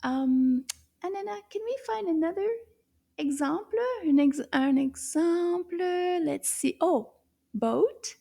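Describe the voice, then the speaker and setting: Soft high-voiced woman teaching kids, slow and patient, slips into whispers a lot, mellow tone. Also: animated, creaky. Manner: gentle, patient, often drops to a whisper. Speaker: French teacher for children.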